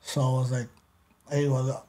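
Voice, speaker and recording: Telling stories at a measured pace, this Los Angeles-area man is a podcast guest in an interview, lively and profane as he moves between English and Spanish. His voice sits in the mid range.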